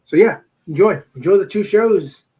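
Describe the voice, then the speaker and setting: A man's voice: high voice, lively intonation, moderate pace, warm tone, poor audio. A man chatting casually as a guest on a livestream, meandering and repeating himself with lots of fillers. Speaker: guest streamer.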